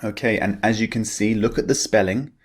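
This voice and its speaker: A man teaching English pronunciation, modeling each vowel slowly and carefully for learners to repeat. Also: lowish voice, fairly even intonation, slightly rough. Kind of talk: slow, deliberate pronunciation lesson.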